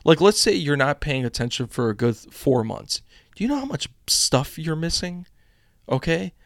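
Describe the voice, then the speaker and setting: A man's voice: fairly high pitch, big pitch swings, moderate pace, creaky, a bit bright, dry recording. Chatty young man, dry close mic. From United States. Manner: chatty and rambling, reads news aloud with frequent asides. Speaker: host of a political commentary live stream. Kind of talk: casual political commentary.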